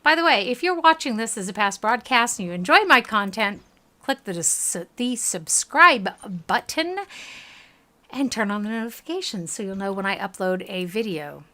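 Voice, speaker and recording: A woman's voice: mid-range voice, expressive, moderate pace, pushed and bright. A tired woman with a Southern US accent, chatting casually to her stream while playing and reading game text aloud.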